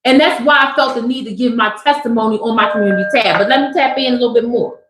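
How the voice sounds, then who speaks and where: High-voiced woman talking tarot, echoey room. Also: background noise. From Southern California. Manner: emphatic, repeats "tap in" and "y'all"; slows way down for emphasis. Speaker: tarot reader and spiritual speaker. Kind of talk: casual livestream talk with tarot.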